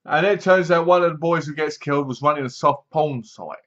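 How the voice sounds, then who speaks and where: A man with a slightly high voice reviews a horror movie in a casual, sarcastic way, mocking the plot and acting out its scenes. The recording sounds dull and lo-fi. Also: a little fast, a bit bright. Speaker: film reviewer.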